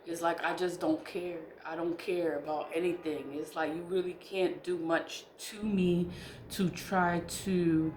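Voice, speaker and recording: A woman with a low, grounded voice talks through her spiritual routines in a frank, emphatic way, laughing often and swearing in asides. The room echoes around her, with a faint hiss underneath. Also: little pitch movement, a little slow, a little mellow. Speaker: spiritual vlogger. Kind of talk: casual spiritual monologue.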